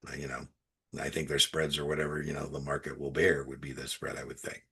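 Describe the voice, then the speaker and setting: A deep-voiced man with a husky edge leads an exam tutoring session. He talks casually and spins personal stories to explain the material, often dropping his volume for offhand remarks. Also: level tone, fast. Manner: storytelling, conversational, drops to quiet asides.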